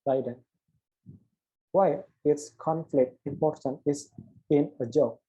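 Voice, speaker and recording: Slow, husky young man reading a script. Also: fairly high pitch, mellow, dull audio. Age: young adult. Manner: halting read-aloud with restarts on words. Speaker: student presenting an assignment. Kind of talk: reading an interview script aloud, voicing both host and guest.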